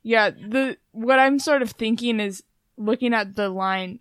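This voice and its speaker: A woman's voice: a little high, fairly bright tone, clean tone, no echo, clean studio sound. A young woman co-hosting a casual chat, laying out her theories about song lyrics step by step. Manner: measured, explains theories step by step. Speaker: podcast co-host.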